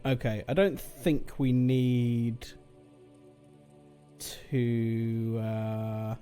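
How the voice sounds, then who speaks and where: British man, casual gaming chat, playful, mellow voice, faint game music. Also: medium pitch, steady tone, very slow. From Britain. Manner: chatty, playful. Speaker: streamer.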